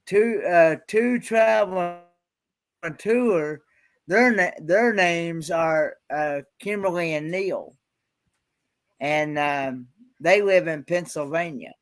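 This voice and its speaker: This is a man chatting on a live stream. His voice sits a little high, and his delivery is slow and stop-start as he repeats himself and hunts for words. He is earnest about getting the details right. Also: a bit bright. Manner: halting, repeats words and restarts often. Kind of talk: casual live-stream chat.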